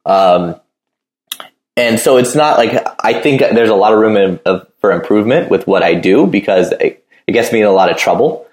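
A man's voice: lowish voice, expressive, moderate pace, a little mellow, echoey room. A man in casual chat, talking in a loose, rambling way full of fillers.

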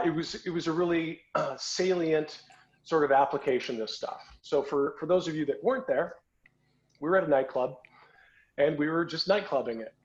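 A podcast host with a mid-range, somewhat mellow voice tells a story casually and conversationally, often restarting and repeating words. The podcast audio is dull and lo-fi.

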